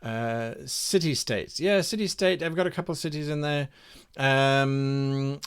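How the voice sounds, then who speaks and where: Slow, musing man thinking aloud. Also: medium pitch, clear, resonant tone. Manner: thinks aloud, hesitant, repeats names to try them out. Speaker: game master streaming campaign design. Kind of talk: live-streamed worldbuilding, reading chat suggestions aloud.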